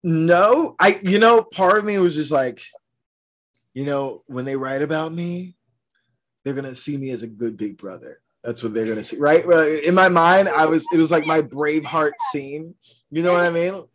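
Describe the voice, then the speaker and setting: A young man from Georgia spins a comic story as a podcast guest. He slips into the voices of the people he describes, animated and quick. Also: a little high. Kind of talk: comedic storytelling.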